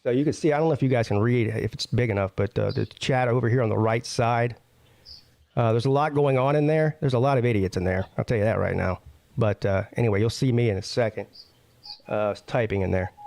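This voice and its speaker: A man's voice: mid-range voice, fairly quick, creaky, darkish tone, no room sound. A man hosting a casual show, commenting on a video he plays and mocking it with lots of filler. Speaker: show host.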